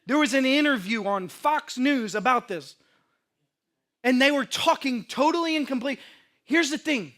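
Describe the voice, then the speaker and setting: In a church sanctuary, a male pastor preaches to his congregation at a moderate pace. He's animated, voicing panicked inner thoughts and shifting from loud emphasis to soft, quiet lows.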